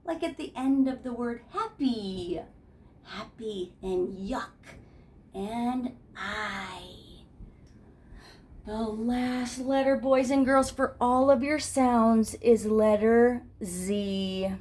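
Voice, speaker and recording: A woman's voice: a little high, extremely slow, darkish tone. A woman teaching preschool phonics, telling little stories and making playful sounds and voices for each letter. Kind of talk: storytelling phonics lesson for young children. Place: classroom.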